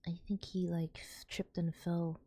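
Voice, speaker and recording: A woman, softly whispering as a streamer telling a story in ASMR style, rambling with restarts. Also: lowish voice, little pitch movement, unhurried, slightly rough.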